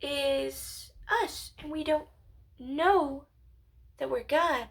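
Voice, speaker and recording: A woman's voice: high voice, steady tone, extremely slow, creaky. A woman alone at home, rambling through a philosophical monologue to her channel, musing aloud and drifting into whispers and giggles. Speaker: channel owner.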